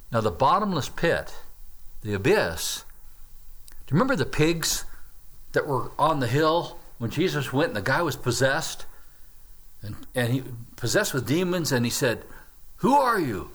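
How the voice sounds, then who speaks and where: A man, preaching a sermon and teaching through scripture with animated, dramatic storytelling. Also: medium pitch, unhurried, pauses often, breathy edge. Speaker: pastor.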